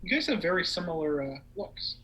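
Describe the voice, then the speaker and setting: Lively young man. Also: a little high, brisk, low-quality recording. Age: young adult. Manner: animated, rambling, lots of fillers, laughs easily. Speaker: podcast co-host. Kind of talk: casual chat on a livestream.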